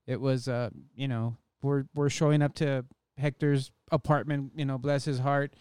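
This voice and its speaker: A band member in casual conversation, reflective and rambling. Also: male voice, medium pitch, level tone, normal speed, a little mellow, clean tone, no room sound, studio quality. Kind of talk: casual chat.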